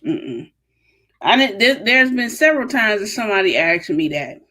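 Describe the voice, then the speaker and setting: A woman's voice: medium pitch, big pitch swings, normal speed, sharp tone. A woman with a Detroit accent hosting her own podcast, chatting casually on a live Q&A stream, telling rambling stories with laughs and asides. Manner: chatty, storytelling, laughs and drifts off-topic. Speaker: podcast host.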